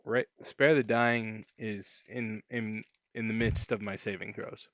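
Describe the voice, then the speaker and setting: A man playing a tabletop game, calmly explaining the rules in casual chat. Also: on the low side, measured pace, no room sound, lo-fi sound. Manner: calm, explains rules plainly.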